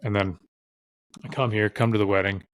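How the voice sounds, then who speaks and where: A man's voice: on the low side, steady tone, a little fast, dry recording. A man guesting on a podcast, telling stories in a loose, profane way with lots of fillers. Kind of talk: casual storytelling chat.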